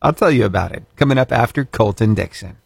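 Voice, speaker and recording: A man's voice: mid-range voice, lively intonation, quick pace, creaky, husky, no echo. A man hosting a short radio feature segment, telling the story in a chatty, playful way with punchy emphasis. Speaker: radio host.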